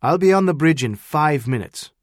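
A man voicing a calm male starship captain who gives crisp, brisk commands. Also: fairly high pitch, no echo, studio quality, pitched above the performer's own voice, natural voice. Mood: crisp, commanding.

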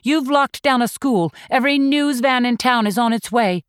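Pushy determined female reporter, as a woman narrator reads her, raised high voice, forceful, dry close sound. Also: moderate pace, smooth, no echo, natural voice. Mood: insistent.

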